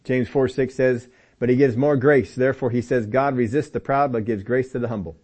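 A man's voice: mid-range voice, steady tone, brisk, darkish tone. A man teaching from the Bible in a sermon, speaking emphatically and repeating phrases for stress while talking straight to his listeners. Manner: talks directly to listeners, sometimes by name.

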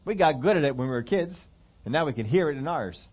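Man, preacher, sermon, fairly high voice, acts out whiny questions, slow emphatic points, muffled lo-fi sound. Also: lively intonation, slightly rough. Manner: acts out whiny complaining questions, then drops low and emphatic. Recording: dull lo-fi sermon recording.

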